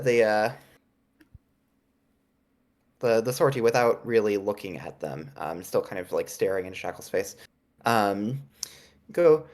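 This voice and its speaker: A woman with a rumbling low, darkish voice is a player in a casual tabletop game. She talks hesitantly, filling her speech with lots of fillers.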